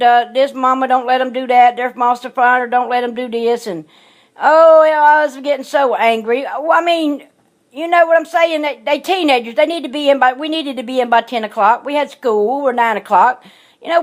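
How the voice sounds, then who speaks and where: A woman with a high voice tells a personal story straight to her audience. She is blunt and outspoken, and she repeats her points to hammer them home. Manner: blunt, emphatic, repeats herself for stress. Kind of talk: emotional storytelling monologue.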